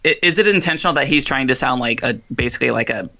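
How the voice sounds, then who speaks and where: A man's voice: medium pitch, expressive, fast, vocal fry, pushed and bright, lo-fi sound, a little hiss or hum. A young adult man co-hosting a movie review podcast in casual chat, thoughtful, with some hesitant restarts and chuckles.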